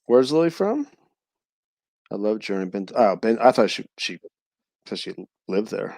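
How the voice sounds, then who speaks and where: A man's voice: lowish voice, lively intonation, moderate pace, vocal fry, a little mellow, dry recording. Laid-back, laughing man with a profane mouth. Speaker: guest reptile breeder. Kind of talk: casual chat.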